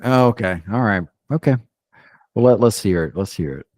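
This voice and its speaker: Low-pitched man, casual co-host, teasing and rambling, dry close mic. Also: animated, normal speed, a little mellow, dry recording. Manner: playfully judgmental, rambling with restarts. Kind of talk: casual group chat.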